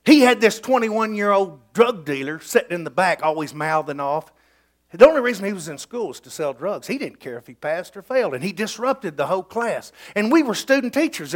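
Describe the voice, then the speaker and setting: A man's voice: high-pitched, very animated, moderate pace. A middle-aged man preaching a sermon in a folksy, emphatic storytelling way.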